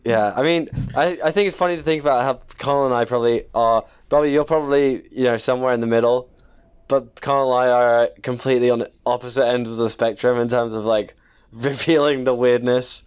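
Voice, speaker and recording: Young man, smooth clear voice, rambling casual storytelling, self-deprecating. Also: mid-range voice, fairly even intonation, brisk. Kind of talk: casual chat.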